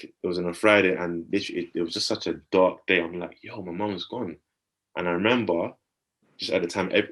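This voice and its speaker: A man's voice: low-pitched, fairly bright tone, slightly rough. A man in his thirties, a podcast co-host, telling a personal story in an earnest, reflective way and often checking in with his listener.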